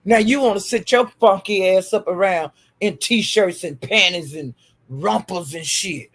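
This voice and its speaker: A woman's voice: mid-range voice, measured pace. A woman ranting in a YouTube commentary, scolding and swearing nonstop with repeated insults. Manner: profane, scolding, repetitive insults.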